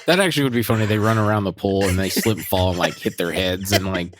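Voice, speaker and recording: A man co-hosting a podcast, chatting casually about a TV episode, relaxed and quick to laugh, hedging with "like.". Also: deep voice, background noise. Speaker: podcast co-host. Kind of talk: casual chat reviewing a TV episode.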